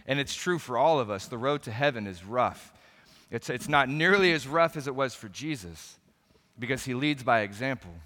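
A man's voice: medium pitch, pushed and bright, in a large hall. A pastor preaching a sermon, earnest and emphatic, often restarting his phrases.

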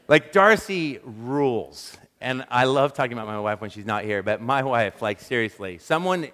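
A man preaching a sermon, telling animated, self-deprecating stories and acting out quick quotes. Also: mid-range voice. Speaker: pastor. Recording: long reverb of a large hall.

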